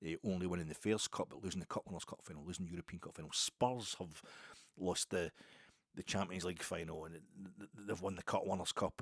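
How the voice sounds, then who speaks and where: A man with a very low voice rambles through a casual podcast monologue, wry and chatty, circling back on himself with asides. The sound is dry and close, with no room around it. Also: no echo. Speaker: podcast host.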